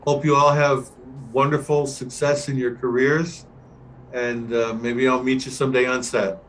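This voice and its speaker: An older man, a veteran camera assistant, telling a relaxed anecdote as a guest on a video-call Q&A and acting out the dialogue. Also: mid-range voice, unhurried, a little hiss or hum, poor audio. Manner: relaxed anecdotal storyteller, acts out quoted dialogue. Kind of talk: storytelling in an online Q&A.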